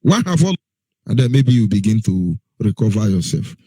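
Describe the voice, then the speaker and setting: A man's voice: fairly low pitch, big pitch swings, normal speed, mellow, slightly rough, no room sound. A man presenting on radio, driving his points home with repeated rhetorical questions that he answers himself. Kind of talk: impassioned radio talk.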